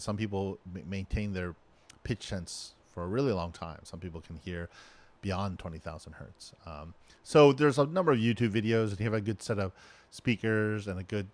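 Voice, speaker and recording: A middle-aged man teaching a recorded lecture, halting and checking in with "right?" and "okay?". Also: deep voice.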